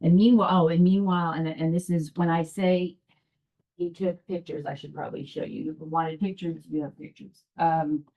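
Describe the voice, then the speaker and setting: A woman speaking at a town meeting, giving public testimony in a low, mellow voice. She rambles and restarts her sentences often. The sound is dull and lo-fi, like a public access broadcast. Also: steady tone, moderate pace. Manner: hesitant, rambling retelling full of restarts. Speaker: resident addressing a town commission.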